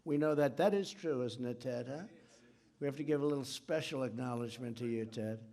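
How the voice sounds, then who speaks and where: A man's voice: mid-range voice, fairly quick, gravelly, mellow. A man giving an off-the-cuff political speech at a podium in a large conference hall, rambling and repeating himself with boastful asides.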